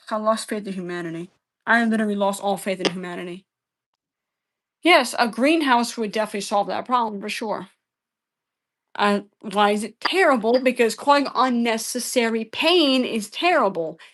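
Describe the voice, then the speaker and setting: A woman on a live stream fields questions from chat, her voice sitting a little high. She sounds exasperated, swears freely and keeps repeating the same answers. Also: a bit bright. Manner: exasperated, profane, repeats herself.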